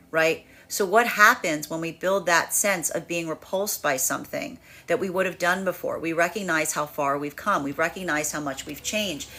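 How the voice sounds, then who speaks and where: A woman's voice: fairly low pitch, pushed and bright. A woman giving a spiritual tarot energy reading, talking freely and acting out quoted inner voices with laughs and stammered repeats. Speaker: tarot reader.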